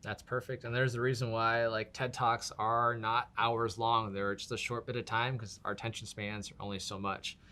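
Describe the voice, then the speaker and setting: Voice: medium pitch, level tone, normal speed, hardly any pauses, sharp tone. A host leading a casual chat, easygoing and agreeable, prompting his guest for tips.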